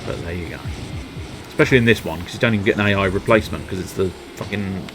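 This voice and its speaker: Male streamer with a lowish voice and a faint music bed behind him, excitable and sweary, mocks himself as he plays. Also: quick pace. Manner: excitable, sweary and self-mocking, bursting into yelps. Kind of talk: live gameplay commentary.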